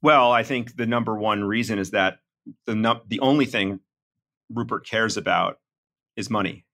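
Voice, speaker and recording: A middle-aged man talking through a podcast discussion in a measured, analytical way, with many fillers. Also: on the low side, a bit bright. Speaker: reporter and podcast co-host.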